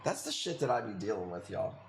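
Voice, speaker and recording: A man's voice: on the low side, big pitch swings, brisk, a little hiss or hum. A man hosting a live coral sale stream, chatting casually with viewers in a joking, profane way. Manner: joking, profane, talks to chat.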